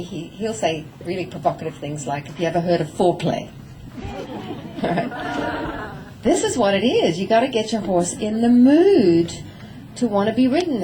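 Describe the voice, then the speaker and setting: A middle-aged woman giving a lively talk on horse training to an audience, acting out little exchanges with her horse. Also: medium pitch, background noise. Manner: animated, acting out voices of herself and her horse.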